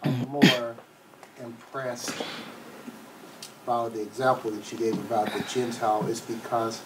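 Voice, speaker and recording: A man taking part in a church Bible study discussion, talking haltingly with lots of restarts. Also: medium pitch, flat delivery, noisy background. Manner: halting, restarts often, gets tongue-tied. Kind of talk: casual group discussion.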